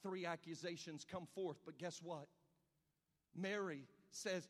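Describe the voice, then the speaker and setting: A man preaching a sermon with passion, swinging between shouted peaks and hushed stretches. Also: fairly high pitch, fairly even intonation, slow. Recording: long reverb of a large hall.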